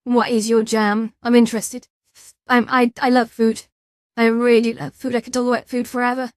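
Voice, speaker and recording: A woman's voice: fairly high pitch, level tone, moderate pace, a little mellow, no room sound, studio quality. Tired, chatty woman streamer. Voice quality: rambling, chatty, with frequent restarts and fillers. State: tired, yawning. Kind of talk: casual chat.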